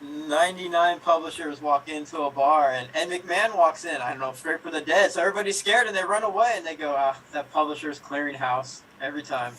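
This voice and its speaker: A man's voice: a little high, a little fast, hardly any pauses, pushed and bright, breathy edge. Man rambling through improvised jokes, far off. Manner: rambling, self-correcting delivery. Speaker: improv player. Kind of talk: improvised joke telling. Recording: distant mic, faint room noise.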